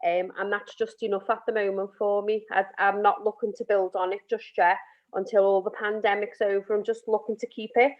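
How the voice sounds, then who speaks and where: A woman's voice: mid-range voice, flat delivery, a little fast. Candid woman counsellor on a muffled call. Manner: candid, emotional, rambling with restarts. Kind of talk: casual group discussion on a video call. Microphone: video call, camera off. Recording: muffled video call audio.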